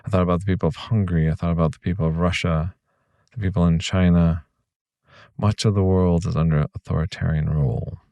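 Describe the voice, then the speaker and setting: A man with a deep, gravelly voice hosts a reflective podcast, talking earnestly and reassuringly straight to his listener. The recording is close and completely dry, with no room sound. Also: fairly even intonation, a little fast, warm tone, no echo. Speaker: podcast host.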